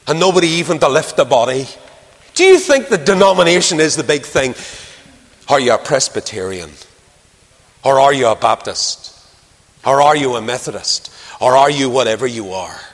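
A man preaching a sermon, animated, pressing rhetorical questions and swinging between loud and quiet. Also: medium pitch, big-room sound.

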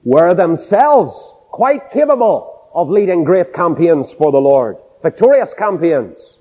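Northern Irish preacher, storytelling in a hall. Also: male voice, takes it slowly, hardly any pauses. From Northern Ireland. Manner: animated storytelling, folksy asides, swoops from high exclaims to low confiding. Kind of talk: sermon. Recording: dull lo-fi tape in a reverberant hall.

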